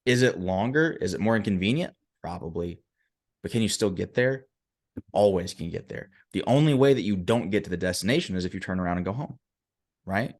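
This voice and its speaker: A man's voice: low-pitched, lively intonation, fairly quick, a little mellow. A man, a motivational speaker and coach, telling a story as a podcast guest, emphatic and often checking in with the listener.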